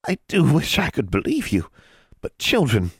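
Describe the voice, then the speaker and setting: A male reader puts on the voice of a storybook hag, wheedling and falsely sweet, pitched far above his own deep register and dripping with cunning. It's an exaggerated, breathy performance with huge pitch swings at normal speed, recorded a bit back from the mic in a dry, dead room with no room sound.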